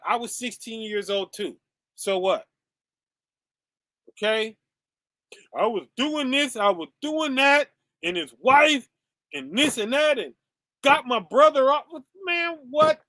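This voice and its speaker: A man's voice: extremely high pitch, expressive, unhurried, pushed and bright, no room sound, clean studio sound. A man hosting a show, giving preachy commentary full of rhetorical questions and "okay?" tags. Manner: emphatic, peppers lines with "okay?" and "right?". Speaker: podcast host.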